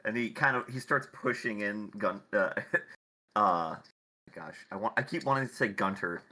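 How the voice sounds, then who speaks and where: A man's voice: lowish voice, unhurried, pushed and bright. A man playing in a tabletop role-playing game, talking casually and a bit hesitantly. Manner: easygoing and hesitant. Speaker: player.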